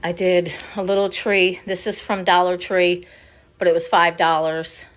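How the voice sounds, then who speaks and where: This home vlogger speaks a little slowly, her low voice barely moving in pitch, with some faint hiss or hum on the recording. She wanders through her house on a handheld phone, casually touring the decor, a touch out of breath and apologetic.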